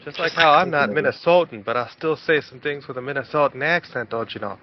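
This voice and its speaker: Swearing, animated man telling stories. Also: fairly high pitch, brisk. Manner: animated storyteller, swears casually, acts out quotes. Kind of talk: casual group voice chat. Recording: dull lo-fi online audio.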